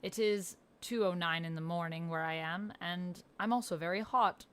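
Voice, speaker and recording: A woman's voice: normal speed, clear, resonant tone. Bubbly woman chatting on stream. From Canada. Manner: bubbly and rambling, reads chat aloud, laughs often; pitch leaps up when surprised. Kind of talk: casual live-stream chat.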